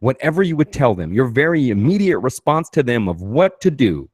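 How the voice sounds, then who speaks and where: A man's voice: mid-range voice, big pitch swings, fairly quick, a little mellow, husky, no echo, studio quality. A man hosting a podcast, talking through ideas from his own book in a casual, emphatic way, swearing freely and asking rhetorical questions. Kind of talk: casual motivational talk.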